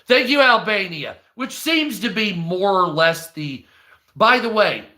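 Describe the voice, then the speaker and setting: A man's voice: sits high, expressive, unhurried, sharp tone. A man hosting a live stream, ranting in a rambling, profane, mocking way. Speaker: live stream news host. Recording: echoey room.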